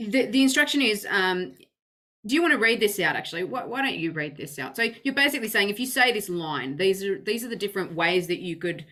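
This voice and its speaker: A woman's voice: mid-range voice, fairly bright tone. A woman interviewing a guest in casual chat, talking loosely with many fillers and repeats.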